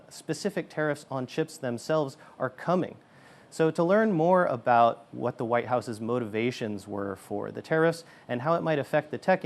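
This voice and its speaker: A man reporting as a news correspondent, with a measured, explanatory delivery and occasional fillers. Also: medium pitch.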